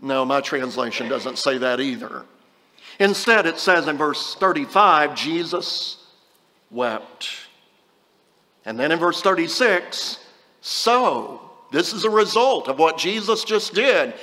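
High, bright-voiced male preacher in a hall. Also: expressive, measured pace. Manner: conversational, with scripture readings and restarts. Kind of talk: sermon.

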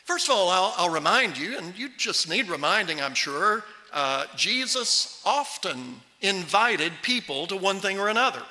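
Male pastor, high bright voice, lively sermon delivery, hall echo. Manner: animated, acts out the Bible voices.

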